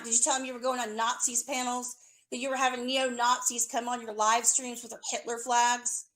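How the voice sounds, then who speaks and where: Woman, high voice, angry accusatory rant, profane, sarcastic. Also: fairly bright tone.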